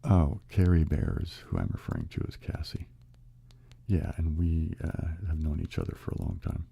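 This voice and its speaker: A man hosts a relaxed live ASMR stream, whispering right into a close microphone. His voice is very deep and dark, with a heavy gravelly fry. He talks to viewers softly between whispers. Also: moderate pace. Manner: alternates whispers with soft close speech, chats to viewers. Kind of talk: ASMR whispering and soft speaking.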